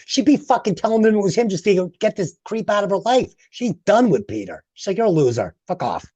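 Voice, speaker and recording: A man's voice: high voice, animated, a little fast, darkish tone, no room sound. A man co-hosting a casual film podcast, blunt and profane in his opinions. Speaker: podcast co-host.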